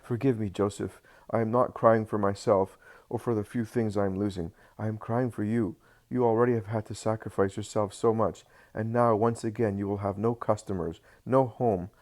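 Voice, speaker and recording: A man reading the part of a gentle, worried young mother in a spoken storybook, pleading and tearful in tone. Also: on the low side, steady tone, normal speed, close to an everyday voice.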